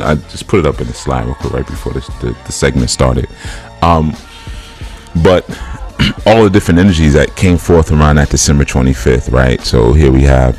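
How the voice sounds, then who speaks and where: A man's voice: extremely low pitch, darkish tone. A man, a spiritual teacher, giving a loose, joking, conversational talk while going through slides.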